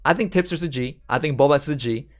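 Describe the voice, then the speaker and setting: A man's voice: a little high, fast talker. A man commenting casually on a replayed call, rambling and repeating himself. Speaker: streamer reacting to a clip of his own call-in.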